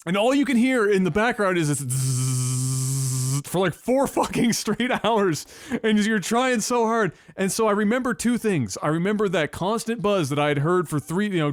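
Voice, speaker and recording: High-voiced, profane young man storytelling. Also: no echo, studio quality. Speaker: podcast co-host. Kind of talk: casual storytelling.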